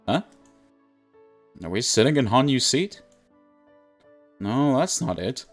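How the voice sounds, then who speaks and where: A man's voice: mid-range voice, very animated, takes it slowly, soft background music. A man streaming a visual novel, reading the story aloud and chatting casually with viewers, laughing often.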